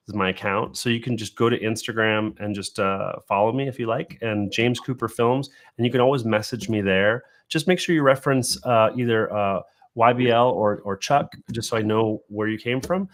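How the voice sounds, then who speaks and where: A man appearing as a guest on a podcast, talking earnestly and casually, repeating words as he gathers his thoughts and laughing easily. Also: mid-range voice. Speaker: interview guest, video creator. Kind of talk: casual conversational interview.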